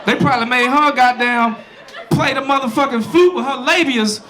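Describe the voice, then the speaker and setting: Man, stand-up comedian, loud and crude, live club recording, laughing crowd, noisy room. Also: very high-pitched, moderate pace. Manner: loud, crude, animated, makes silly sound effects.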